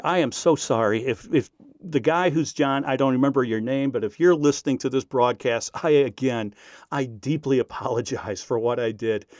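A man recounting a personal story in an animated, self-deprecating way. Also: mid-range voice, no room sound, studio quality. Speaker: radio speaker.

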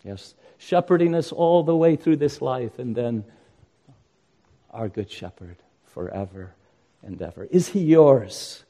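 A man's voice: medium pitch, unhurried, warm tone. An older man preaching a sermon as pastor, earnest and rising to impassioned emphasis.

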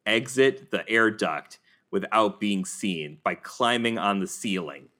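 A man playing a tabletop game, excitable and joking as he plans. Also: lowish voice, takes it slowly. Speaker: player. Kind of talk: casual tabletop play.

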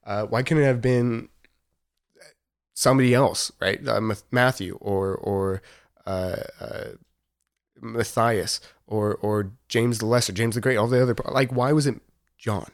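A man's voice: medium pitch, steady tone, a little slow. Earnest young man rambling about faith. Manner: earnest and rambling, with frequent fillers and laughs. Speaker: podcast host. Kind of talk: casual faith talk.

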